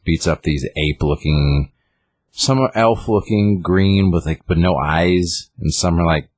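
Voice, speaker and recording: This man's deep, husky voice has a darkish tone and an unhurried pace as he casually walks through a comic book plot for a podcast. He rambles, fills gaps with plenty of fillers, and voices the characters' lines aloud, with no echo in the recording.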